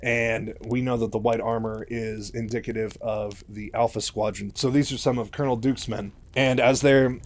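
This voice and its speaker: A man retelling a book's story in a loose, chatty manner, with lots of fillers along the way. His pitch sits in an ordinary middle range. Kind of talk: casual retelling of a novel.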